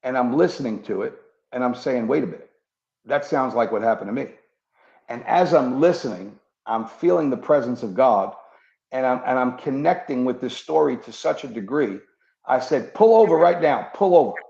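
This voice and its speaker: Gravelly ex-cop telling his testimony. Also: mid-range voice, normal speed, a little mellow. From New York. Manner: earnest storytelling, acts out quoted dialogue. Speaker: guest, former police officer turned preacher. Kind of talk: personal testimony in an interview. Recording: muffled echoey room.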